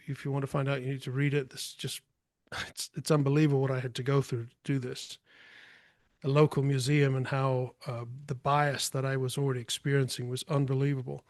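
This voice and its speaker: A man's voice: mid-range voice, no room sound. A man talking as a podcast guest, telling a story in a forthright, emphatic way. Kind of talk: casual storytelling.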